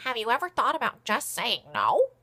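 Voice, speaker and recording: A woman voicing a calm, knowing neighbor woman who gives matter-of-fact advice. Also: a little high, normal speed, husky, exaggerated voice. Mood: dry.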